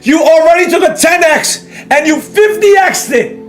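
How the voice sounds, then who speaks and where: High pitched guy ranting at his stream chat about trading, keeps repeating himself, quiet music in the back. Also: lively intonation, moderate pace. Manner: scolding, emphatic, repeats points, rhetorical questions; reads and answers viewer chat. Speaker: day-trading educator hosting a live stream. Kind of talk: ranting live-stream lecture.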